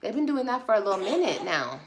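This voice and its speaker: A woman's voice: mid-range voice, sing-song, fast talker, noisy background. A woman vlogger chatting casually on a livestream, blunt, sassy and profane as she scolds viewers. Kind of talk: casual livestream chat replying to comments.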